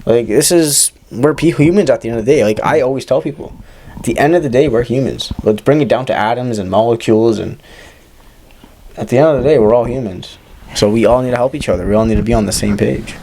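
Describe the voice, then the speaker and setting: A man in his twenties co-hosting a podcast, casually telling a personal story in an animated way with lots of fillers. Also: medium pitch, fast. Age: 20s. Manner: animated, acts out quoted voices, many fillers. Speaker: podcast co-host.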